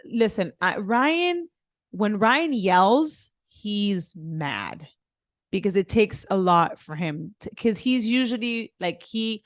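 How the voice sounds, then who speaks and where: A woman's voice: medium pitch, expressive, slow, dry recording, studio quality. A woman co-hosting a podcast in casual chat, frank and swearing, rambling with fillers. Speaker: podcast co-host.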